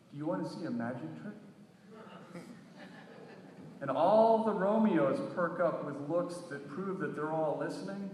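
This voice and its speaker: A man giving an animated live reading of a short story, now and then shouting quotes in a sing-song voice. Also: fairly high pitch, slight background noise. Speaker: reader. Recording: echoey hall, recorded from far off.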